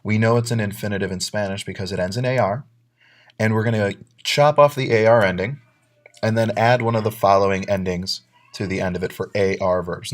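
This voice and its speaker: A man teaching a Spanish grammar lesson, who works through verb endings methodically, spells out letters and reads each example sentence with its translation. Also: fairly low pitch. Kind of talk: recorded grammar lesson narration.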